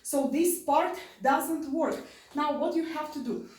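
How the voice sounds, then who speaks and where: A woman's voice: sits high, measured pace, a little mellow, distant mic. A woman teaching an online dance class, repeating short coaching cues and counting out beats. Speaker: dance instructor. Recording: echoey room, voice from off-mic.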